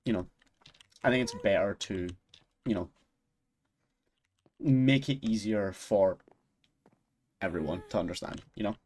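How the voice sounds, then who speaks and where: A man's voice: lowish voice, a little slow, pauses often, a little mellow, husky. A Scottish man chatting casually with his viewers on a game stream, easygoing and self-deprecating, laughing often. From Scotland. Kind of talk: casual game livestream chat.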